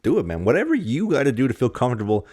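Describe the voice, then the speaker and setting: A man's voice: medium pitch, wildly swooping pitch, racing, darkish tone, slightly rough. A man from Canada co-hosting a casual podcast, ranting bluntly and swearing freely. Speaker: podcast co-host.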